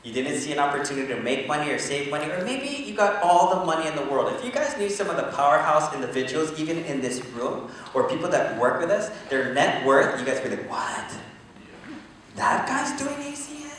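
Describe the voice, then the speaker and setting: Man, high-pitched, energetic speech to a crowd, joking, booming hall echo, mic at a distance. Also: quick pace, hardly any pauses, slight background noise. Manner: energetic, joking, pushes the audience to respond. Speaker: motivational speaker at a business event. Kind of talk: live motivational speech to a crowd. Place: large event hall. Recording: echoey hall from far off.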